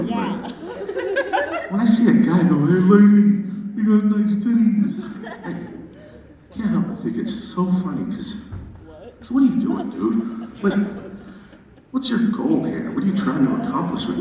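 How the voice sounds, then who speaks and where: A male stand-up comedian performing a set in a comedy club with an animated, playful, self-mocking delivery. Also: a little high, moderate pace, long pauses, recorded from a distance, highs cut off. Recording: echoey club recording from afar, crowd laughter.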